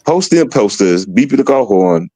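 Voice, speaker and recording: A man chats on a live stream in a taunting, profane way. His pitch swings widely as he talks. The sound is dry and close, with no room behind him. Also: normal speed, no echo. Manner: taunting, lively, swears a lot. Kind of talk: casual stream chat.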